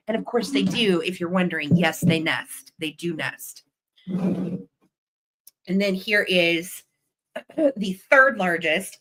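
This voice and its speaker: Hosting a live vintage sale online, a chatty, gushing woman presents items one by one while addressing her viewers in the chat. Her mid-range voice has a fairly bright tone, and the recording is low quality.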